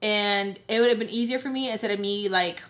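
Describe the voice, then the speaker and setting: Young woman, bright tone, blunt chatty storyteller, casual vlog delivery. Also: mid-range voice, brisk. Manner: candid and blunt, swears freely, chatty with many "like"s. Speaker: storytime vlogger. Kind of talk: casual storytime while doing makeup.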